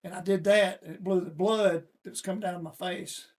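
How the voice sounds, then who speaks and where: A man's voice: sits high, fairly even intonation, fairly quick. A middle-aged man telling a personal story in a casual, folksy interview. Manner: folksy, plain-spoken storyteller. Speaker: guest.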